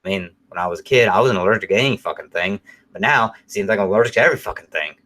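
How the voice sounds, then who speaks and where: A man's voice: on the low side, racing. A middle-aged man co-hosting a show, chatting casually and telling stories in a rambling, profane way. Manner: profane, rambling, animated storytelling. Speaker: podcast co-host.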